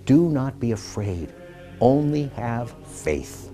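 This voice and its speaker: A man reading the words of a calm, gentle teacher who heals the sick, measured and soft. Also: mid-range voice, soft background music.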